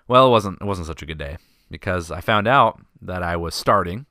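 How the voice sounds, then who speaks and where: A man hosting a podcast, telling a story in a casual, animated, self-deprecating way. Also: low voice, a little fast, no echo, studio quality. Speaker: podcast host.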